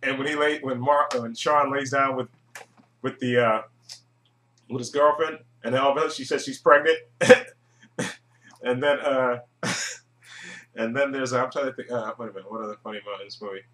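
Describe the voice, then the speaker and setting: A man giving a casual, rambling movie review monologue, chuckling often and filling pauses with "uh". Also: medium pitch, steady tone, bright, forceful tone. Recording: echoey room.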